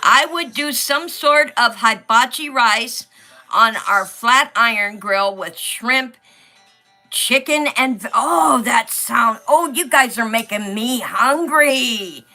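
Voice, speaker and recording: Lady livestreaming, chatty, slow and kinda high, faint music behind. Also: sharp tone. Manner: chatty, reads viewer comments aloud. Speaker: livestream host. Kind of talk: casual livestream chat while coloring.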